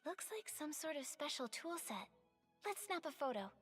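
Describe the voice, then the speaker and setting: A woman voicing an earnest, eager young female school reporter in a video game, speaking urgently and excitably. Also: high-pitched, normal speed. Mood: investigating. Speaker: game character. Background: faint game music.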